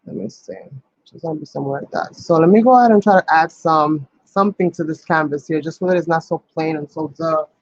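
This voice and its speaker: Chatty crafter with a dull, dry sound. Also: male voice, a little high, fast, no echo. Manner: chatty, thinks aloud with many ums. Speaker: crafting channel host. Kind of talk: casual crafting tutorial.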